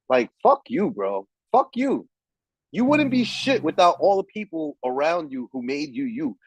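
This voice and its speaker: A man's voice: a little high, very animated, a little slow, dry recording, low-quality recording. A man hosting a podcast, ranting in heated, profane, emphatic casual talk. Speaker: podcast host. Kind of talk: casual chat.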